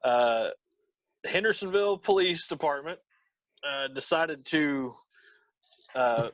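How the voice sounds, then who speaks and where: High, lively man in dry, dull sound. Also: no echo. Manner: chimes in with quick quips. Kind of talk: casual round-table chat.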